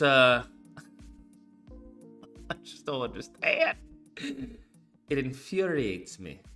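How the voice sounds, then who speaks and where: A young man hosting his channel, ranting casually about marketing and hype, profane and animated, mocking people with put-on quotes. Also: medium pitch. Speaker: channel host. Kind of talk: casual commentary monologue.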